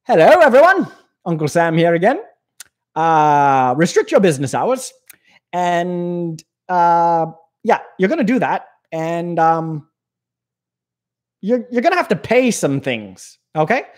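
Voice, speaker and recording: A man's voice: a little high, big pitch swings, slow. A man voicing a jokey, folksy male Uncle Sam as a government spokesman. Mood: goofy. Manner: goofy, folksy, hand-waving.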